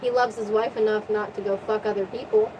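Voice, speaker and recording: A woman's voice: mid-range voice, steady tone, fairly quick, a little mellow, far from the mic, slight background noise, natural voice, low-quality recording. Athena, blunt goddess, as a woman quotes her. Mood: insistent.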